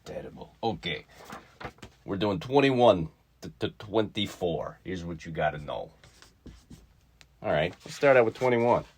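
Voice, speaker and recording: A man's voice: deep voice, animated, a little slow, long pauses, a little hiss or hum. A man teaching a casual math lesson to kids, playful and talking to himself as he works through problems. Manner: playful, talks to himself while solving. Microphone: mic not attached to his body.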